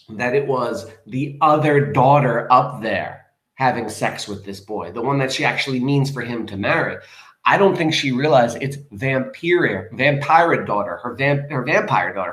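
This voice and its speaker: A man's voice: medium pitch, echoey room, poor audio. A man teaching a lesson, reading a poem aloud and explaining it in a chatty, enthusiastic way. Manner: chatty, enthusiastic, shifts between soft reading and excited asides.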